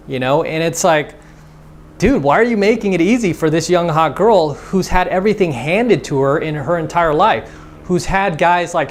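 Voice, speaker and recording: A man giving a casual, conversational dating lesson as a coach, acting out both sides of example conversations. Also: fairly high pitch. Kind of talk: instructional monologue.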